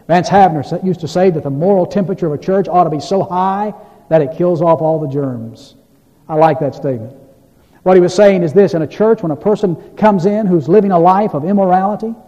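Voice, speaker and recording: A man pastor preaches with earnest weight, his voice somewhat high yet mellow and dark in tone. He reads scripture with mounting emphasis. The sound is dull and lo-fi, with a long reverb from the church hall around him. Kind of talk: sermon. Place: church sanctuary.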